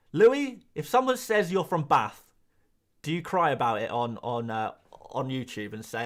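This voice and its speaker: A young man from England chatting casually on a live stream, reading and answering chat questions in a rambling, animated way with quick asides. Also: fairly high pitch.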